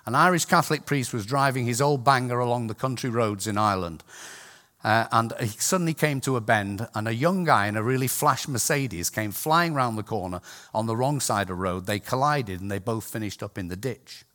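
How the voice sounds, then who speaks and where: Casting: older male preacher, chatty storyteller, mid-pitched. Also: fairly quick, bright, forceful tone. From Scotland. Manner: chatty, laughs at his own stories. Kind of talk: sermon with anecdotes and jokes.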